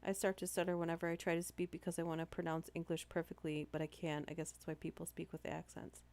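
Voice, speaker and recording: A young woman with a Canadian accent and a low, slightly nasal voice reads stories aloud on a live stream. She drifts into casual asides and trips over a word now and then. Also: level tone, fast, a little mellow. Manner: reads aloud with chatty asides and small stumbles.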